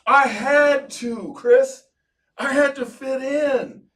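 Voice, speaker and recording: A man hosting a podcast as a psychologist, telling stories in an animated way and slowing to stress points. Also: extremely high pitch, recorded from a distance, low-quality recording. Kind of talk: casual interview chat.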